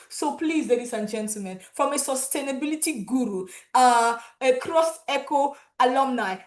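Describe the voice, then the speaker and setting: A young woman from Nigeria hosting an online graduation, chatty and lively, laughing often. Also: fairly high pitch. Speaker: event host.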